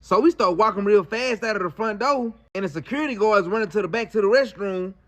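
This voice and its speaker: High-voiced man telling a story. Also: quick pace. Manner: slangy and animated. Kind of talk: casual storytelling.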